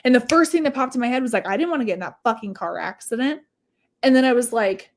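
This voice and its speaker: A woman's voice: fairly high pitch, expressive, quick pace. A woman who is a psychic medium and manifestation coach, speaking as a podcast guest in a candid, profane way and telling her story by quoting her own past thoughts. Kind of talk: casual storytelling in a chat.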